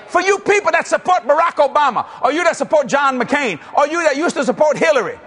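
High-voiced, animated preacher man. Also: quick pace, hardly any pauses. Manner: animated, shouting, acting out both sides of a story. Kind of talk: sermon storytelling. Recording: live with a faint crowd and noise.

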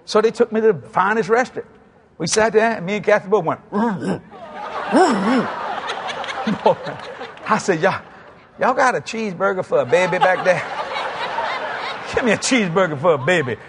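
A man's voice: sits high, fairly quick, pauses often, background noise. A man in his sixties with a Cajun South Louisiana accent, telling humorous stories in a sermon and acting out both sides of conversations. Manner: animated, acts out both sides of dialogues, chuckling asides. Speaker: preacher.

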